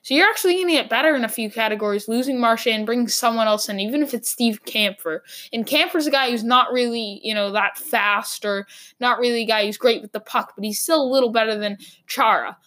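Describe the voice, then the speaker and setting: Higher-voiced woman rambling through sports talk. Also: brisk, fairly bright tone. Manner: rambling, thinking aloud with fillers and restarts. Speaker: sports podcast host. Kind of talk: casual sports commentary.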